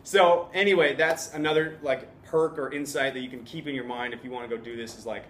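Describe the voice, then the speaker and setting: A man's voice: mid-range voice, steady tone, a little fast, few pauses, fairly bright tone, slight background noise. A young man vlogging casually, upbeat and chatty, laughing often and acting out what other people said. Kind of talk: casual vlog talk. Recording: echoey room, faint ambience.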